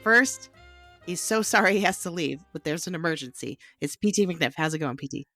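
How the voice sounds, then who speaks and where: A woman hosting a casual film podcast, chatty and quick to laugh, with fillers and restarts. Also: fairly low pitch, lively intonation, bright, forceful tone, dry recording, soft background music. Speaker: podcast host.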